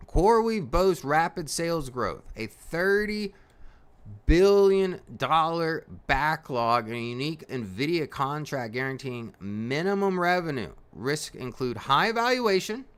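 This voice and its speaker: A man hosts a live market stream and talks in a loose, folksy way, laughing often and tossing in "right?" at the end of his points. His voice sits fairly high for a man and jumps around a lot in pitch. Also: pushed and bright. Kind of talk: casual live market commentary.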